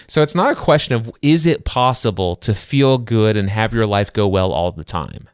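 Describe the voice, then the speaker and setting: A man's voice: mid-range voice, lively intonation, normal speed, hardly any pauses, smooth, no echo, studio quality. A middle-aged man co-hosting a casual book-discussion podcast, talking earnestly about faith and acting out his inner dialogue with emphasis. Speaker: podcast co-host.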